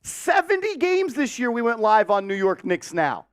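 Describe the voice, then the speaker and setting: A man hosting a casual live-stream sports show, talking warmly and giving viewers shout-outs. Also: very high-pitched, very animated, moderate pace, smooth, dry recording, studio quality.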